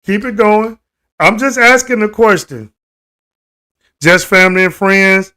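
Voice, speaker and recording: High-voiced man ranting on a live stream. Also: a little slow, pushed and bright. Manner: indignant, repetitive, asks viewers questions; emphatic outbursts. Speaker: livestream host. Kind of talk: live-stream commentary to viewers.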